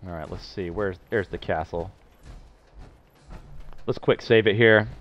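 A man's voice: deep voice, unhurried, highs cut off, a little hiss or hum. A man casually commenting while he streams a game, chatting playfully and answering his viewers. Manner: chatty, playful, reading chat aloud. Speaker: gameplay streamer.

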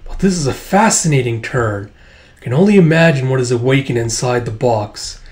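A man's voice: medium pitch, expressive, a little fast, darkish tone, close to an everyday voice. A man reading the lines of a detached, curious scientist, matter-of-fact and fascinated. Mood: intrigued.

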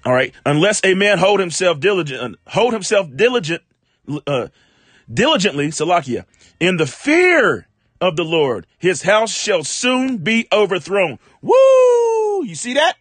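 A man preaching a live-streamed sermon, reading scripture slowly and breaking into animated, casual commentary with sudden exclamations. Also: high-pitched, husky, no echo. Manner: reads verses slowly, then comments in casual speech.

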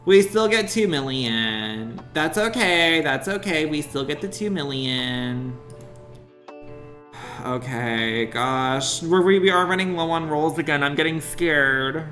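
A man streaming a mobile game, doing playful, over-the-top excited commentary in the manner of a mock sponsored ad. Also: a little high, slow pace, soft background music.

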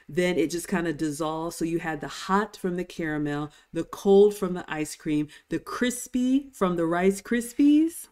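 A woman's voice: fairly low pitch, darkish tone, clear, resonant tone. Gushing woman vlogger. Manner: gushing, chatty, reads viewer comments aloud. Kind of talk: live-stream commentary over cruise dining footage.

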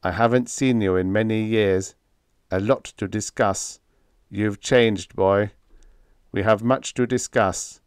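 A man voicing an old male professor whose mind now runs a spaceship, speaking through a wall speaker in a halting, toneless way. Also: lowish voice, fairly even intonation, clean tone, no echo, studio quality. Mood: dry. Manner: toneless, halting, without inflection.

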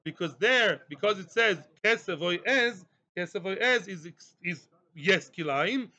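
High, bright-voiced Talmud teacher. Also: male voice, a little slow, highs cut off. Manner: lively, mixes Hebrew and Aramaic terms, jokes with students. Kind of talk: daily Talmud class.

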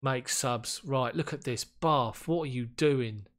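A man giving casual commentary on a football management game, getting excited and frustrated as chances slip away. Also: mid-range voice, slow. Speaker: gaming YouTuber.

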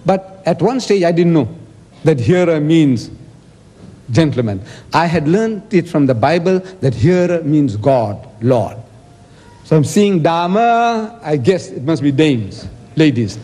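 A man's voice: fairly high pitch, very animated, a little slow, mellow, big-room sound. A man giving an emphatic debate speech, quoting scripture and asking rhetorical questions.

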